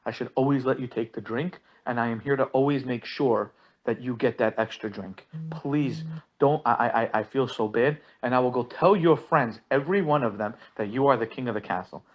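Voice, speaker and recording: Stern worried wife, a guy reading her lines low in his own voice, dull sound. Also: expressive, fast talker. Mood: apologetic. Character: scolding wife, adult woman, stern and worried.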